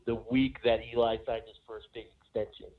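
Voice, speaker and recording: A man's voice: medium pitch, little pitch movement, a little fast. Brief: male co-host, casual rambling storyteller, narrow phone-line sound. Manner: rambling anecdote with many fillers. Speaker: podcast co-host. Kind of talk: casual chat.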